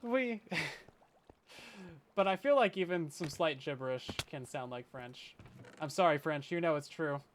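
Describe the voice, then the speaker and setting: A man's voice: a little high, lively intonation, normal speed, a little hiss or hum. A young man from Canada streaming a survival game, chatting with viewers in a jokey, self-deprecating way from his bedroom. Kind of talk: casual gameplay commentary. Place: hot bedroom.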